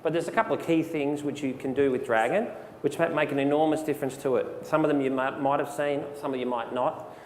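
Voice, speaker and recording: A man giving a relaxed, conversational live software demonstration, with frequent fillers, speaking into a handheld mic. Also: mid-range voice, quick pace, hardly any pauses. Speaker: presenter. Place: presentation hall. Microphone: handheld microphone. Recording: long hall reverb, faint background noise.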